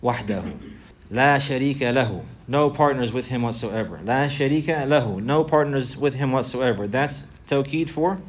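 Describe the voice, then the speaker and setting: A man teaching a religious lesson, repeating key phrases for emphasis and reciting Arabic phrases quickly. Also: mid-range voice. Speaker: Islamic teacher.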